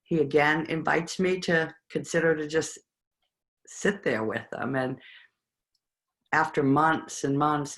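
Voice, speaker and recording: A participant in a spiritual study group, sharing personal reflections in a halting, reflective way with pauses between words. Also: mid-range voice.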